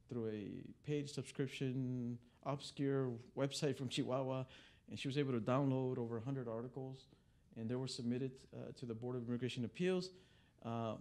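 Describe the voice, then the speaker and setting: A man's voice: medium pitch, a little mellow. A man who is an immigration attorney, briefing reporters in a conversational storytelling way, full of fillers and restarts. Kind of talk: press briefing talk. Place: press club briefing room.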